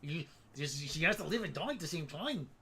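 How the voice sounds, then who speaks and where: Mid-pitched co-host with dry jokes. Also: expressive, brisk, fairly bright tone, breathy edge. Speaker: co-host of a show recap stream. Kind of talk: casual chat.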